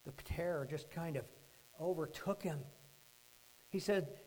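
A man preaching, telling a story with dramatic swings from hushed to loud. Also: fairly high pitch, measured pace, long pauses, low-quality recording. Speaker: pastor. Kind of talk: sermon storytelling.

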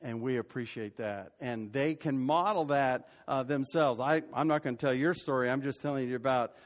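A man's voice: mid-range voice, normal speed. An older man preaching a sermon as pastor, conversational and rising to emphatic peaks. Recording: long hall reverb.

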